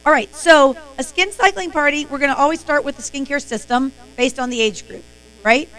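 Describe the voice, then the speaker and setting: A woman's voice: high-pitched, a little fast, fairly bright tone, poor audio. Emphatic woman leading a sales training. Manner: emphatic, motivational. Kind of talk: live-stream sales training.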